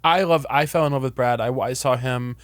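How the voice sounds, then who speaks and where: A man's voice: medium pitch, brisk, no room sound. A young man from Missouri hosting a podcast, telling stories in casual chat, swearing lightly and laughing often. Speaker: podcast host.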